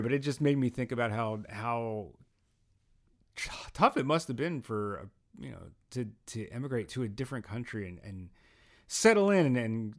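A man's voice: medium pitch, fairly bright tone. A young man hosting a casual podcast, rambling and self-deprecating as he talks. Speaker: podcast host.

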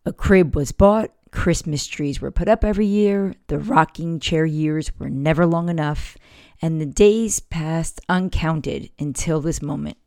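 A woman in her forties hosts a parenting podcast, speaking candidly and warmly through a personal story. Her voice sits low, and the close microphone keeps the sound dry with no room around it. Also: measured pace, no room sound. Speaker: podcast host. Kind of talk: casual heartfelt monologue.

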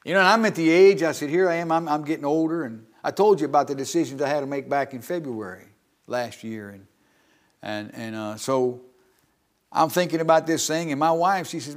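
A middle-aged man gives a sermon testimony from the pulpit of a church. His voice sits slightly high for a man, and he talks in a folksy, conversational way, often pausing to ask for an amen. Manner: folksy, calls for amens. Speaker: preacher.

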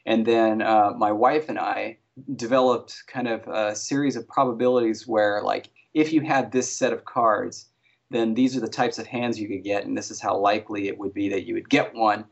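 A man's voice: fairly low pitch, steady tone, normal speed, vocal fry. A man who consults on invented alien languages for a TV series, answering interview questions casually with many restarts and fillers. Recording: dull lo-fi sound.

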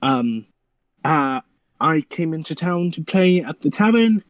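A man playing a tabletop game, speaking in a hesitant, halting way. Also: on the high side, expressive, no room sound. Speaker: player.

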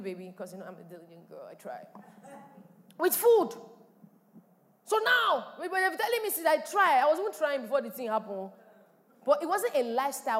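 Animated woman preaching in a hall. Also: sits high. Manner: animated preaching with sudden loud exclamations. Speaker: pastor. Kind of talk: sermon. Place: church hall.

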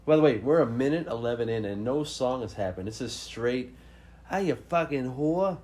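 A man co-hosting a podcast in casual, profane chat, loud and animated as he reacts to a song and laughs often. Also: mid-range voice, fairly quick. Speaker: podcast co-host.

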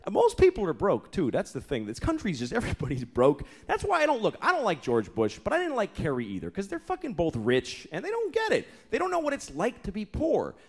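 Pitched high and swooping wildly, this comic's breathy voice moves fairly quickly with few pauses. He's a man in his thirties on a club stage, telling exasperated, profane stories and acting out the characters. The live recording carries audience laughter and faint noise.

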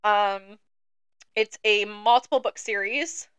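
Bright, clear-voiced young woman chatting. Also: medium pitch, slow, no echo. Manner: chatty, joking, laughs often. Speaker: podcast co-host. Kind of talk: casual chat about books.

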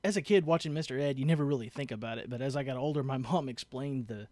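A man hosting a podcast in casual chat, easygoing and halting, stopping to restart often. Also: medium pitch, darkish tone, no echo. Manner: easygoing, halting, many fillers. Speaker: podcast host.

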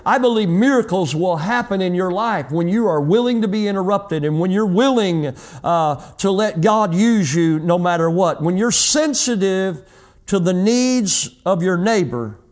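A middle-aged pastor preaching a sermon and telling a personal story, acting out the dialogue in changing voices. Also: male voice, high-pitched.

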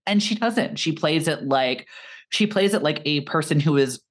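A young adult co-hosting a casual podcast about films, animated and opinionated, swearing now and then. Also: medium pitch, normal speed. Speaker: podcast co-host. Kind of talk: casual film chat.

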